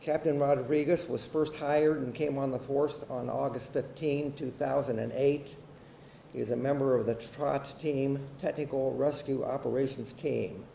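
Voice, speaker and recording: A man giving measured, formal welcoming remarks as mayor at a ceremony. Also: mid-range voice, fairly even intonation, gravelly, mellow. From Ohio, United States. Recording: echoey room, distant mic, faint hiss.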